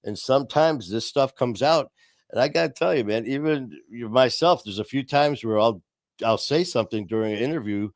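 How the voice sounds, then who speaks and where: A man's voice: medium pitch, normal speed, no room sound, studio quality. A man hosting a podcast, telling stories in a loose, unscripted way with many restarts and chuckles, speaking over a video call. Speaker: podcast host. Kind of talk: casual storytelling chat. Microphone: video call via streaming software.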